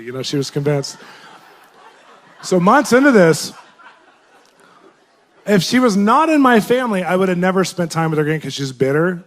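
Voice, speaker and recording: Animated man telling a story, slightly high voice. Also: moderate pace, pauses often, a faint crowd. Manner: lively, laughs often, voice jumps up for quoted reactions. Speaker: Christian minister sharing a testimony.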